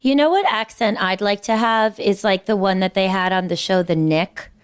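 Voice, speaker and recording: A woman co-hosting a podcast in casual chat, animated and giggly, drifting into silly tangents. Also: medium pitch, moderate pace, clean tone. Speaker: podcast co-host.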